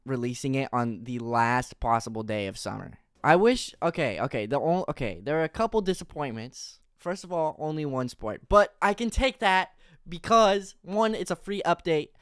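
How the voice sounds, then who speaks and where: Young male streamer, breathless and hyped, smooth voice with a slightly high pitch, dry close sound. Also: moderate pace, dry recording. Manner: excitable, rambling, loud bursts of enthusiasm. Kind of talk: excited live reaction stream.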